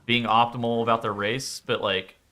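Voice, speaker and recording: A man's voice: mid-range voice, little pitch movement, moderate pace, sharp tone. A man chatting casually on a game stream, rambling, swearing freely and laughing often.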